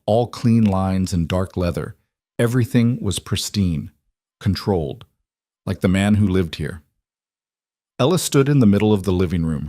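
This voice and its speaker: A man narrating a dark romance story in a measured, dramatic reading. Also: sits low, no echo, clean studio sound.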